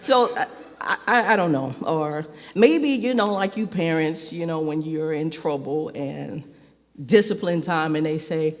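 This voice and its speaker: A woman's voice: low-pitched, unhurried. Woman preaching casual, lots of "like" and laughs, big church reverb. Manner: chatty, fills speech with "like", laughs often. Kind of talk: conversational sermon. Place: church sanctuary.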